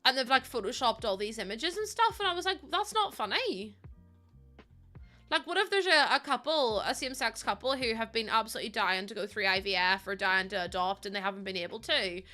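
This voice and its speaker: A young woman streams a game build and talks straight to her chat, reading out names and getting heated. Her voice is bright and forward. Soft music plays in the background. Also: a little high, quick pace, hardly any pauses. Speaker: live streamer.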